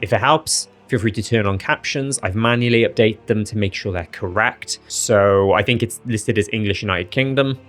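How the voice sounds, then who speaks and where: A man's voice: on the low side, moderate pace, hardly any pauses, a bit bright, soft background music. A man who runs tabletop games, casually explaining a project to viewers in a chatty way that breaks into laughter at silly results. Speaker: dungeon master and video host.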